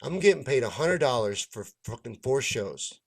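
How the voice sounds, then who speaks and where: A man's voice: mid-range voice, moderate pace, creaky, breathy edge. A man, a stand-up comedian, telling a long story in a casual rant, swearing freely and acting out the lines of the people in it. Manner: profane, animated, acts out others' lines. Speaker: stand-up comedian and show host.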